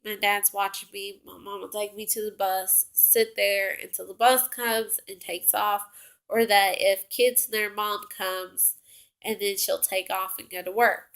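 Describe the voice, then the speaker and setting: A woman's voice: medium pitch, fairly bright tone. A young woman casually telling a personal story, rambling with many fillers and self-corrections.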